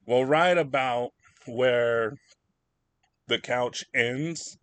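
A man's voice: medium pitch, drawn-out words, a bit bright, no room sound. Young man rambling through a story. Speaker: podcast host. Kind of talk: casual podcast chat.

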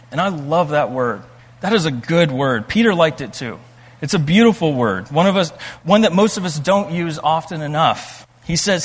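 A man preaching a sermon as a pastor, earnest, slowing down for emphasis and reading scripture aloud with rising intensity. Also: a little high, animated, a bit bright. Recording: long reverb from a large room.

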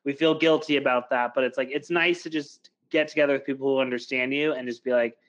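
A man's voice: medium pitch, fairly even intonation, quick pace, a bit bright, highs cut off. A young man co-hosting a podcast, chatting casually and telling stories, with lots of filler "like". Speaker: podcast co-host. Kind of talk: casual chat.

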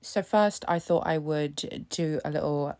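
A woman's voice: deep voice, a little slow, warm tone, faint music behind. A young British woman chatting sarcastically in a casual reaction video, laughing often. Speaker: vlogger.

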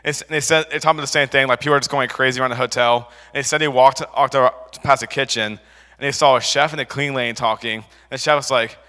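Young guy preaching loosely, lots of "like"s, bright voice, echo of a big hall. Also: mid-range voice, fairly even intonation, quick pace. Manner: rambling, filler-heavy storytelling with restarts. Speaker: youth preacher. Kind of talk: casual sermon with a personal story.

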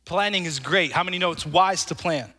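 A male preacher with a high, ringing voice delivers an emphatic sermon, repeating his phrases and calling on the congregation to answer back. His bright tone carries through a large hall with a long, lingering reverb. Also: brisk. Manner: emphatic, calls for congregation responses, repeats words.

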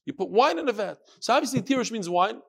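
A man leads a lively Talmud class, peppering his students with questions. His voice sits fairly high for a man, and he moves energetically through each point. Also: fast talker, gravelly. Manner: lively, questioning, mixes Yiddish and Hebrew terms. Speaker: Talmud teacher. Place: classroom or study hall with students.

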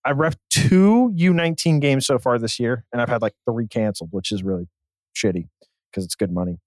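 A man's voice: medium pitch, fairly quick, a little mellow, no room sound. Man co-host, explains at length in a chatty way, dry close recording. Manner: explanatory, chatty, filler-heavy. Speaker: podcast co-host. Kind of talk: casual sports podcast chat.

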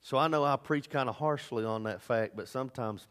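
A man preaching a sermon as pastor, swinging between loud emphatic bursts and low asides. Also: brisk. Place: church sanctuary. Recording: long hall reverb.

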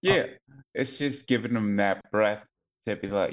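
A man's voice: fairly low pitch, big pitch swings, a little slow. A young adult man, a podcast co-host, telling a family story in casual chat with many fillers and some swearing.

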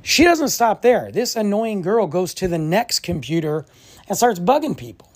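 A man hosting a podcast who tells a story in a casual, animated, exasperated way and says "like" often. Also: sits high, normal speed. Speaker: podcast host.

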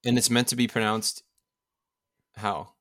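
A man guesting on a podcast in casual chat, relaxed and dry, mostly giving short answers. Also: on the low side, measured pace.

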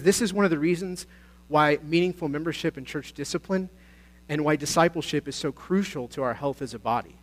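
Earnest man preaching with a lightly high voice. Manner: earnest, exhorting, swings between soft and loud. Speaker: pastor. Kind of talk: sermon.

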